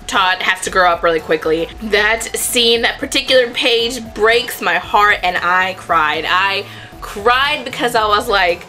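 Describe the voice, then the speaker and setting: A woman's voice: medium pitch, unhurried, sharp tone, faint music behind. A young woman chatting casually to camera about books, rambling and correcting herself as she goes. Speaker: book vlogger.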